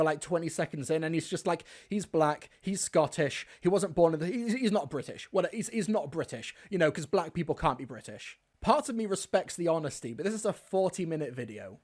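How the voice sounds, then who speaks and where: A man's voice: fairly high pitch, expressive, a little fast, few pauses. Sarcastic man hosting a reaction video. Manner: sarcastic, exasperated, talks back to clips. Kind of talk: casual reaction commentary.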